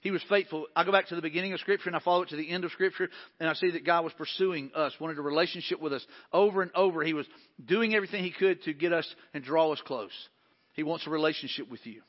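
A high-pitched man preaching from the pulpit of a church sanctuary. He is earnest, swelling to emphatic points and sinking to near-hushed lines. The sound is dull and carries a long hall reverb. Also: fast talker. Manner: earnest, builds to emphatic peaks then drops to hushed tones. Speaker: pastor. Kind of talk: sermon.

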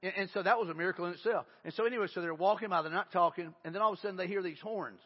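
A man with a high, husky voice preaches in a conversational, animated manner. He moves between reading scripture aloud and retelling it in everyday words. The sound is muffled, and a long reverb hangs in the church hall. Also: racing. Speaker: pastor. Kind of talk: sermon.

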